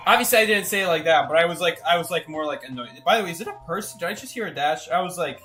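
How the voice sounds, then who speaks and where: A young adult game streamer telling stories in casual chat, animated and often asking "right?". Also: medium pitch, very fast, hardly any pauses, soft background music. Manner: animated storyteller, tags lines with "right?". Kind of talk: casual chat while gaming.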